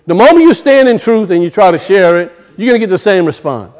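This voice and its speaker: Cajun male preacher, high voice, folksy and emphatic, quizzes his flock. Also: expressive, fast, darkish tone. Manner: emphatic, questions the congregation, folksy dialect grammar. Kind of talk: sermon.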